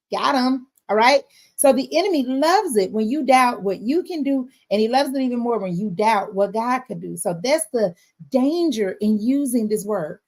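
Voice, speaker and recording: A woman giving a casual faith-based motivational talk, expressive and often checking in with her listeners. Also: mid-range voice. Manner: expressive, frequent "all right?" check-ins.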